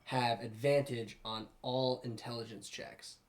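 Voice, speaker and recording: An eager, chatty man at an average pitch, playing a tabletop game. He talks casually through his plans and now and then clears his throat. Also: steady tone, a little slow. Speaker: player. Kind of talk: casual tabletop gaming chat.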